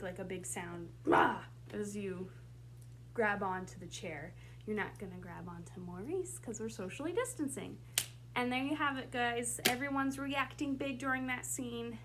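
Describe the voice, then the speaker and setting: Slight background noise accompanies a drama director as she gives her school-play actors blocking notes, chatty and loose with plenty of fillers. Her voice is mid-range and a bit bright, at normal speed.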